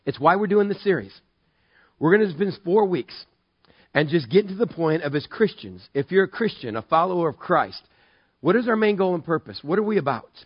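A male pastor preaching a sermon, telling stories with animated, self-mocking humor. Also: high voice, brisk, slightly rough, no echo, highs cut off.

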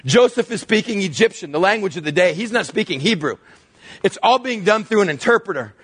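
Husky-voiced male pastor preaching. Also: brisk. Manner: animated storytelling, drops to hushed low tones for emphasis. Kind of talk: sermon.

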